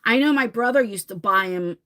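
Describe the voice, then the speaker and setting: A woman's voice: mid-range voice, brisk, fairly bright tone. A woman in her forties chatting on a live stream, reading comments and telling stories dramatically, swearing casually. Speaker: livestream host.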